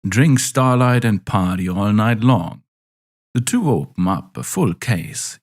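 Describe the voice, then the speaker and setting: Low gravelly guy reading a story out loud, voice goes up and down a ton. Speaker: narrator. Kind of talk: story narration.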